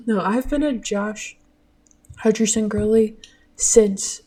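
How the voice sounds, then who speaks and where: A woman's voice: mid-range voice, slow, long pauses, a little mellow, breathy edge. Teen woman, solo podcast host, rambling casual chat, giggly.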